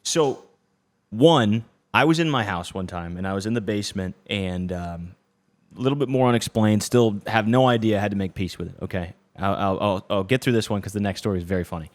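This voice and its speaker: A young adult man hosting a podcast, telling a story in an animated, casual way, cursing now and then and checking in with "okay?". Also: lowish voice, a little fast. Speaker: podcast host.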